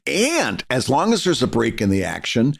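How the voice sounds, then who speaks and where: Relaxed American co-host, lively pitch, talks things through loosely. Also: male voice, normal speed, creaky. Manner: relaxed, rambling explanations. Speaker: podcast co-host. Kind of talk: casual chat.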